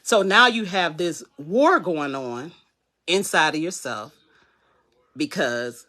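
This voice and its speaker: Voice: mid-range voice, expressive, takes it slowly, pushed and bright. A wellness coach giving a live motivational talk in a conversational way, repeating key phrases for emphasis and acting out the inner voices they describe. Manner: conversational, acts out inner voices and quoted dialogue.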